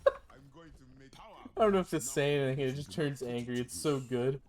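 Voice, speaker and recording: A man's voice: medium pitch, unhurried, a little mellow. A man in his thirties streaming a game, talking casually in a joking, profane, playfully repetitive way. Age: 30s. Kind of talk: casual gaming stream commentary.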